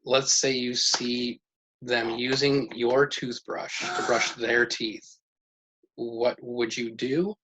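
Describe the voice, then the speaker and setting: A man's voice: mid-range voice, level tone, takes it slowly, bright, forceful tone. Patient man quizzing children. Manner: patient, questioning, praises answers. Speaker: parent teaching a life-skills lesson. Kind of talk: casual home lesson with children. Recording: dull lo-fi sound with faint noise.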